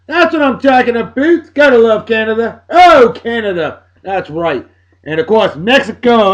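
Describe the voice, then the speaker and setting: A man's voice: high-pitched, big pitch swings, a little slow, fairly bright tone. A man from Massachusetts with a Boston-area accent, hosting a casual beer-tasting vlog at his home desk in a hammy, jokey way. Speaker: beer review show host.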